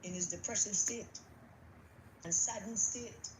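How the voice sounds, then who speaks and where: A woman's voice: medium pitch, measured pace, roomy sound, heavy background noise. A woman with a Jamaican accent delivering an angry, emphatic political rant, repeating herself for force. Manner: agitated, emphatic, repetitive. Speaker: political commentator.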